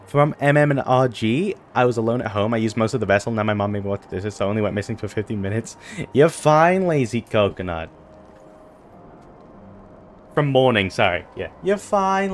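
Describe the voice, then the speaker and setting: A man's voice: medium pitch, quick pace, a little hiss or hum. A man streaming a game playthrough, reading its dialogue aloud in a put-on British accent between joking asides.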